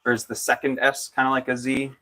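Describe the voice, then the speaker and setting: A man's voice: mid-range voice, completely flat delivery, fast, sharp tone. A young man making pottery on a livestream, chatting casually, joking and answering viewers' comments as he works.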